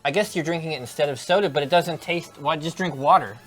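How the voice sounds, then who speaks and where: A man's voice: on the high side, fast, fairly bright tone. A man playing a game on stream, chatting casually with blunt, dry remarks. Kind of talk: casual chat over gameplay. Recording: faint game music behind.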